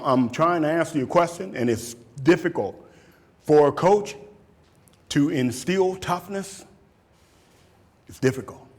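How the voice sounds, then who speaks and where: A man in his fifties, a football coach, giving a motivational talk and taking questions, animated and repeating words for emphasis. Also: medium pitch. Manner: animated, acts out shouted quotes, laughs often. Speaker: football coach speaking at a camp.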